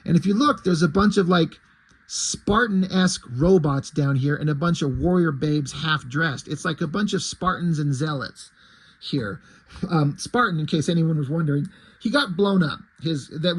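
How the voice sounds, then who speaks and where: Guy rambling casually about a comic, kinda husky, slightly high voice, swears a bit. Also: low-quality recording. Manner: chatty and loose, swears casually; paraphrases dialogue in a plain reading voice. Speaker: comic book reviewer. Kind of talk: casual comic review chat.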